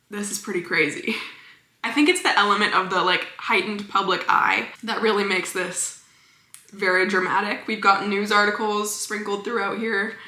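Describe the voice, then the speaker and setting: A woman chatting casually as a book vlogger, gushing about her favorite reads with quick, enthusiastic asides. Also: mid-range voice, pushed and bright, roomy sound. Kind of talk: casual book review chat.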